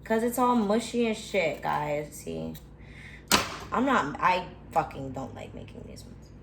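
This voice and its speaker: Cooking at home for a casual vlog, a young woman rants dramatically to her viewers and swears along the way. She speaks low and gravelly, animated yet measured in pace. The kitchen recording sounds echoey, with a little background noise.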